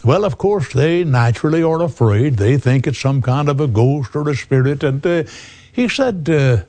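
A man's voice: on the high side, lively intonation, normal speed, darkish tone. A man preaching a radio sermon, emphatic, addressing the listener as friend.

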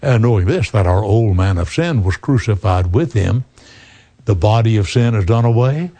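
A man's voice: fairly low pitch, lively intonation, moderate pace, dark tone. An older man preaching a sermon, earnestly quoting scripture with chapter and verse and asking rhetorical questions.

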